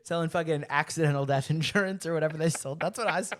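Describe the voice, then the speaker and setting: A man's voice: on the high side, fast talker, a bit bright. Joking young man telling a story. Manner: joking storyteller, acts out voices of people in his stories. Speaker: podcast co-host. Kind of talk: casual chat.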